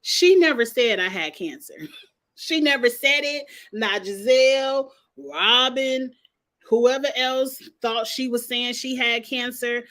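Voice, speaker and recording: A young woman hosting a casual reality TV recap vlog, talking bluntly, swearing freely and animated. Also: a little high, slow pace.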